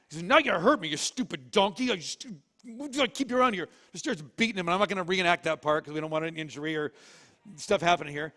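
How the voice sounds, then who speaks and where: A man's voice: high-pitched, bright, forceful tone. A man preaching a sermon, retelling a story animatedly and with jokes. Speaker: pastor. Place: church auditorium. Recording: long reverb of a church hall.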